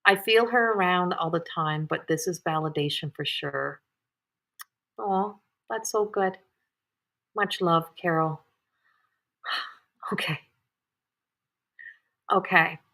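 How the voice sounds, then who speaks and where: A woman in her thirties, a psychic medium hosting a live stream, talking softly and emotionally with sighs and pauses. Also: on the low side. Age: 30s. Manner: soft, emotional, tearful at times, frequent sighs. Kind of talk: live-streamed reading, casual chat.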